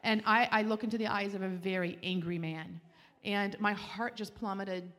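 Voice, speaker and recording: Woman, mid-pitched, earnest and heartfelt testimony storytelling, halting restarts, long hall reverb. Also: steady tone, fairly bright tone. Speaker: speaker giving a Christian testimony.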